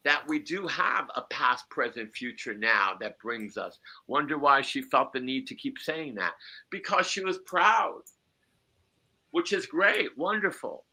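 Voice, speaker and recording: Slow talking guy hosting a podcast, rambly, chuckles a lot, super bright voice. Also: mid-range voice. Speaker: podcast host and psychic medium. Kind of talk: casual podcast chat.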